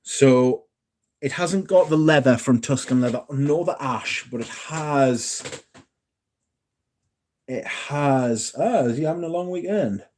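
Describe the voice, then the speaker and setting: A man's voice: a little high, slow, darkish tone. A young man hosting a casual live stream, chatting in a jokey way and reading out messages from the chat. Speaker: livestream host.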